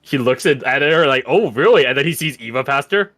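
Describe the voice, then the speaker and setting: A man narrating as game master in a tabletop game, casual and quick to laugh. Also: medium pitch, bright, forceful tone, no room sound, soft background music.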